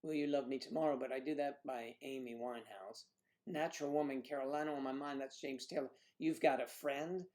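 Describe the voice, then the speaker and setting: A man's voice: medium pitch, steady tone, a little fast, a little mellow. A man hosting a livestream, rambling and joking between songs with swearing and muttered asides. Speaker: livestream host playing guitar. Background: his own acoustic guitar.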